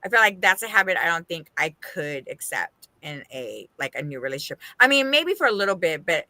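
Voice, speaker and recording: A woman's voice: on the low side, fairly quick, no room sound. A middle-aged woman from the Las Vegas area, casually chatting as a podcast co-host and acting out what people said. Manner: animated, acts out quoted voices, laughs often. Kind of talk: casual chat.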